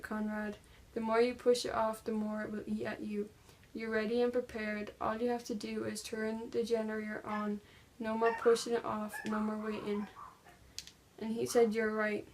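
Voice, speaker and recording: A woman's voice: a little high, darkish tone, low-quality recording. A young woman vlogger casually retelling a true-crime story, reading text messages aloud with lots of "like" fillers.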